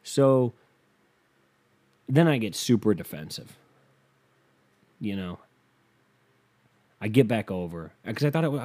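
Here a young man's mid-range, dark-toned voice carries a loose, rambling story. He swears a lot and frequently restarts what he's saying.

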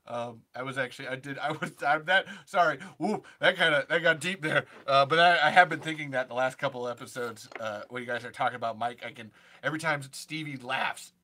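A man's voice: medium pitch, sharp tone. A young man chatting casually on a podcast, rambling and self-deprecating with sardonic asides.

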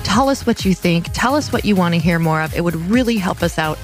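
A woman's voice: lowish voice, lively intonation, fairly quick, soft background music. A woman hosting a podcast in casual chat, playful and jokey, often giggling. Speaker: podcast host.

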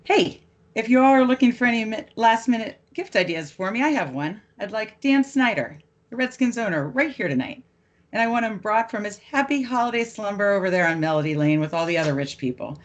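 A woman doing an impression of a frantic middle-aged dad in a furious holiday rant, firing off a rapid string of insults. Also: mid-range voice, expressive, dull audio, voice pushed up, natural voice.

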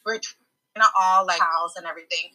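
A young woman co-hosting a casual podcast, telling an animated story and slipping Spanish phrases into her English. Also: on the low side, fairly quick, poor audio. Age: young adult. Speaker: podcast co-host.

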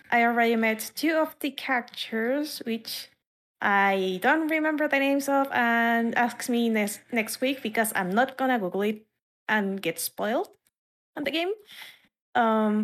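A woman's voice: a little high, a bit bright. A woman hosting a podcast in casual chat, rambling along with frequent fillers and laughs. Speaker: podcast host.

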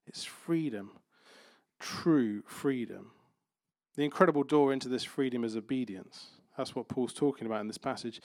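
A man's voice: mid-range voice, darkish tone, no echo, clean studio sound. Man preaching a conversational sermon. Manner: conversational preaching with playful everyday examples. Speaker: pastor.

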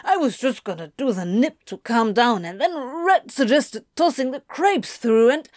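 A woman's voice: fairly high pitch, expressive, a little slow, a little mellow, dry recording, studio quality. A woman doing a weepy, whiny ginger demon. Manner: whiny, emotional, pleading. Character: excitable weepy male demon, ginger-haired. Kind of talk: audiobook reading of fan fiction.

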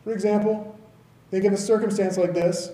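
Male pastor, 30s, from the South; chatty sermon delivery, high and warm, roomy church sound. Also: fairly even intonation, normal speed. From American South. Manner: conversational, asks the congregation "right?" often.

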